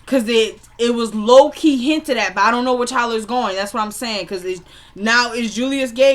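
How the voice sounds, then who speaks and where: A woman's voice: a little high, normal speed. Chatty young woman recapping an episode. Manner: chatty, opinionated, retells scenes in quoted dialogue. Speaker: TV episode reviewer.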